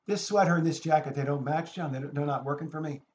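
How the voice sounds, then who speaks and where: A man's voice: on the high side, fast, darkish tone, slight background noise, lightly acted. Fussy, hesitant male friend fishing for reassurance about his outfit, as a storyteller puts him on; muffled lo-fi recording. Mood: fretful. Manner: fretful, hesitant, seeks reassurance. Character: fussy, clothes-obsessed adult male friend.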